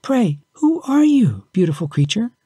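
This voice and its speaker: A man's voice: sits high, big pitch swings, measured pace, dark tone, breathy edge, no room sound, studio quality, voice pushed up, full character voice. A man voicing a curious little girl who is tearful and pleading. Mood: wondering.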